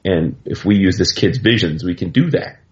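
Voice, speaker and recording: A man's voice: sits low, animated, moderate pace, a little mellow, dull audio. A man recapping a comic book story in casual, rambling talk full of fillers and asides. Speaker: comics commentator.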